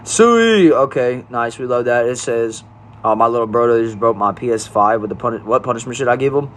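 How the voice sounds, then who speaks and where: A man's voice: mid-range voice, flat delivery, a little fast, fairly bright tone, slight background noise. A young man hosting a casual livestream, reading chat messages aloud and answering them in an easygoing way.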